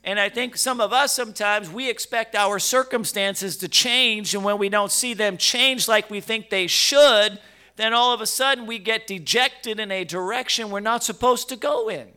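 A middle-aged man preaching in a high, bright, crisp voice. He talks to his congregation like a conversation, stumbling over repeated words, then pushing into emphatic bursts. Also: normal speed. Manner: stammering restarts, rising to emphatic bursts. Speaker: pastor. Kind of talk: conversational sermon.

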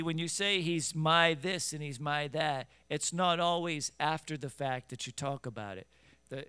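A man preaching a fervent sermon in a high, bright and clear voice. He moves between quiet scripture teaching and loud, urgent exhortation, scolding his listeners head-on. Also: no echo. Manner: scripture in King James wording, direct scolding of listeners.

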